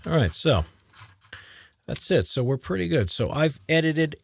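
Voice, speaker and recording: A man's voice: fairly high pitch, measured pace, gravelly, dry recording, clean studio sound. A man with a Rhode Island accent, a voiceover artist casually explaining his editing workflow in a tutorial. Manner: relaxed, explains while clicking and typing.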